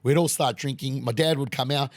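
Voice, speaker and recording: A man's voice: mid-range voice, fairly even intonation, a little fast, no room sound. An Australian man in his thirties, telling a story as a podcast guest in a pub, swearing freely and acting out the people in his stories. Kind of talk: casual storytelling.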